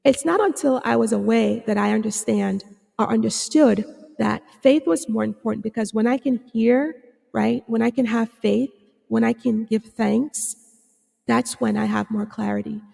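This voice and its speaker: A woman hosting her own podcast as a psychotherapist, talking earnestly with many fillers and restarts, a little hoarse. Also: fairly high pitch, fairly even intonation, normal speed, warm tone, long reverb tail. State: slightly hoarse, clearing her throat. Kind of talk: reflective solo podcast talk.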